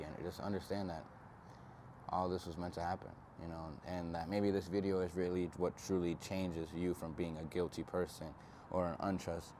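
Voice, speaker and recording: Young man, very low voice, earnest, reflective, slangy, self-help vlog, outdoors with faint traffic. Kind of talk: casual motivational talk to camera.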